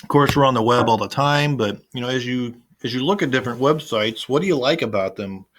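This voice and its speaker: A man teaching a class over a screen recording at a mid pitch. He talks in a relaxed, conversational way, pausing with "uh" and "um" and restarting his sentences as he clicks through slides at his desk. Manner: casual and conversational, with frequent fillers and restarts. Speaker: instructor. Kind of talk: recorded online lecture with screen share.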